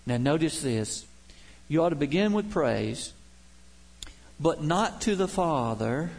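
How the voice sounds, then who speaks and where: Older man, pastor, sermon, slightly high voice, emphatic slow stresses, folksy asides. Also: lively intonation, vocal fry, darkish tone. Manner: emphatic preaching, slowing to stress key words, with folksy humorous asides.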